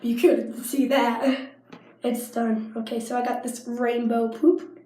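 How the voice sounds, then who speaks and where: A woman's voice: a little high, little pitch movement, slow pace, mellow. A teenage girl with a cold, coughing often as she chats and rambles through a casual show-and-tell vlog at home. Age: teens. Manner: chatty, rambling, with frequent coughs and likes. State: sick with a cough and sinus infection. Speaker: vlogger. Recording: echoey room.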